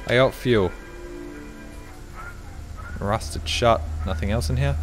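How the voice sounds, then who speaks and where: A man streaming a game, swearing and shouting at his chat while he plays. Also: mid-range voice, slow, pauses often, slight background noise. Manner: excitable, swears a lot, yells at chat. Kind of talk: live gameplay commentary.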